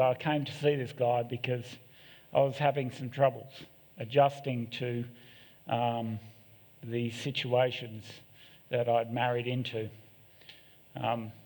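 A man's voice: mid-range voice, a little mellow. Man preaching in an echoing hall. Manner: candid, self-deprecating, joking asides. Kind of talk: sermon. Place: church hall. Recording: long echo of a church hall.

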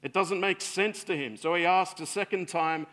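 A man preaching a sermon in an earnest way, swelling louder and then sinking soft and low. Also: normal speed.

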